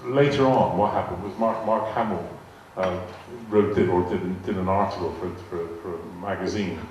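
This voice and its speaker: Older west country guy, low voice, chatty storyteller, big echoey hall, mic far off. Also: fairly even intonation, normal speed, a little mellow. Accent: West Country English. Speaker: guest speaker answering audience questions. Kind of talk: anecdotal talk to a live audience. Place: large arts hall. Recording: echoey hall, distant mic, faint hiss.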